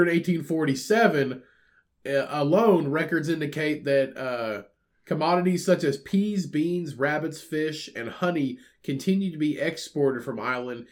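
Lively, higher-voiced male podcast co-host. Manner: animated, incredulous, reads aloud from web articles. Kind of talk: casual chat.

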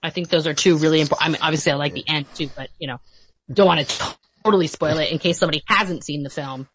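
A woman guest in casual podcast chat, animated in retelling scenes and quick to laugh, with kids of her own. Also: deep voice, slightly rough.

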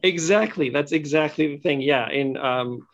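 A podcast guest with a fairly high, somewhat bright voice speaks at a moderate pace in a casual discussion. He explains his ideas thoughtfully and at length, full of fillers, and the sound is lo-fi and muffled.

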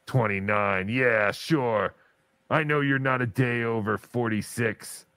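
A man's voice: mid-range voice, slow pace, sharp tone, smooth, dry recording. Teasing man hosting a livestream. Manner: teasing, mock-bossy. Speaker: podcast host. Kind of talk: casual livestream banter.

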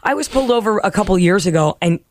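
A middle-aged woman co-hosting a casual podcast, telling stories in a lively way, acting out what others said and laughing often. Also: mid-range voice, quick pace. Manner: animated storyteller, acts out quotes, laughs often. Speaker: podcast co-host. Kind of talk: casual chat.

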